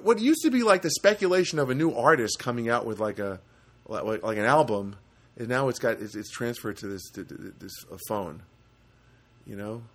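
A man delivering a sarcastic, rambling comedic rant with many restarts. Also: on the low side.

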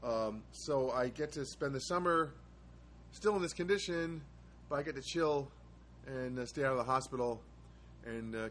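A man's voice: medium pitch, a bit bright, slight background noise. Rambling wry man, chatty monologue. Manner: rambling storyteller, wry asides, frequent hesitations. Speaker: host of his own live show. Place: studio apartment.

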